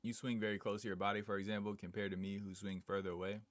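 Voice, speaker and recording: A man's voice: on the low side, little pitch movement, fast, no echo. A man live streaming in a casual, slangy way, reading viewer comments aloud and chatting back. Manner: slangy, laid-back, reads chat aloud and answers it.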